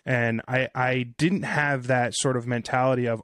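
A man's voice: mid-range voice, steady tone, moderate pace, a bit bright, clean tone, dry recording. A man in his thirties hosting a podcast, talking candidly and casually, swearing freely. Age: 30s. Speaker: podcast host.

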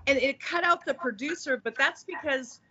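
A woman's voice: sits high, normal speed, pushed and bright. A woman talking as a guest on a casual podcast, earnest and often restarting her sentences as she thinks. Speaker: guest, executive producer. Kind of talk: casual conversation. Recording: dull lo-fi recording.

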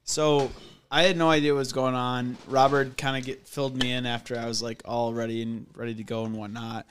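A man's voice: mid-range voice, little pitch movement, fairly quick, a bit bright. A young man, a podcast guest, telling a profane story loosely and full of fillers. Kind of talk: casual storytelling. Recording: audible background noise.

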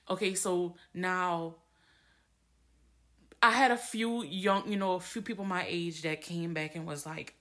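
A woman's voice: fairly low pitch, a bit bright. A young adult woman podcasting alone, talking candidly and emotionally with many restarts, a little teary. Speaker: podcast host. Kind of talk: personal monologue.

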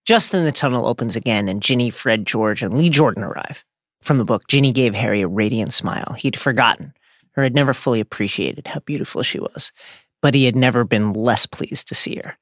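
Brief: man co-host, gravelly, wry playful storyteller, dry close studio mic. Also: mid-range voice, a little fast, fairly bright tone, dry recording. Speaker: podcast co-host. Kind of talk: recapping a book chapter aloud.

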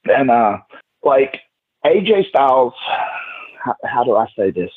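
A man's voice: medium pitch, sing-song, a little slow, slightly rough. A man telling rowdy stories as a podcast guest, swearing freely and acting out quotes, over a tinny call line. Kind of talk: casual storytelling.

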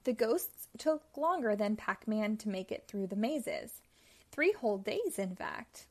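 Slow, gentle storytime woman. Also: mid-range voice. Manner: slow, clear, expressive reading. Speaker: storytime host. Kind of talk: children's read-aloud narration.

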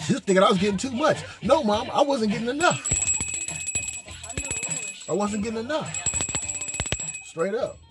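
A man with a rather high voice tells a crude, comic story in a monologue. He is profane and boisterous and drags some words out. Faint music plays behind him. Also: lively intonation, normal speed, long pauses. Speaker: podcast host.

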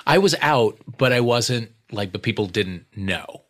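A middle-aged man hosting a casual podcast chat, talking in a relaxed, easygoing way. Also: on the low side, measured pace. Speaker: host.

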